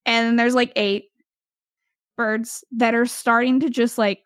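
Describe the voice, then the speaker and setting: A young woman telling a story in casual podcast chat, animated, laughing often and full of fillers. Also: fairly high pitch, unhurried, dry recording, studio quality. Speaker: podcast host.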